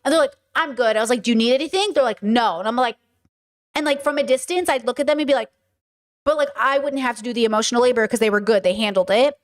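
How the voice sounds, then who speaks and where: A woman's voice: a little high, fast talker. A woman hosting a casual chat stream, talking in an emphatic way with lots of fillers. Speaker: streamer and host.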